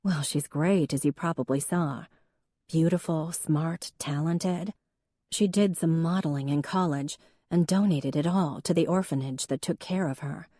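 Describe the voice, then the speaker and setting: A woman's voice: sits low, measured pace, mellow, dry recording, studio quality. A woman voicing a wry, self-mocking young woman in an audiobook. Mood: fond. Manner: wry, playful.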